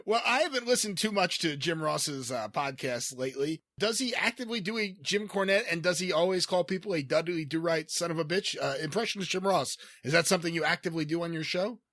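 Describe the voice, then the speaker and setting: Teasing high-pitched male host. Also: lively intonation, quick pace, few pauses, fairly bright tone, no room sound. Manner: dry, teasing, often laughing. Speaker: podcast host. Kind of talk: comedy podcast chat.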